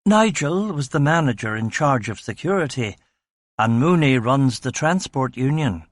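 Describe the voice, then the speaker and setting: A man's voice: mid-range voice, lively intonation, normal speed, no room sound, lightly acted. A man playing a cautious factory manager in an audiobook, explaining things carefully and formally. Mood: measured.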